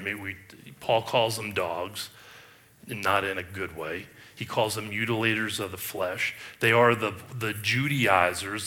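A man's voice: on the low side, pushed and bright. A male pastor delivering a sermon, emphatic and full of rhetorical questions, often restarting his sentences.

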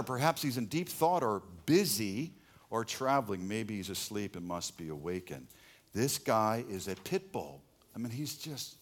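A middle-aged man preaching a sermon as pastor, swinging between loud emphasis and hushed asides. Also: medium pitch.

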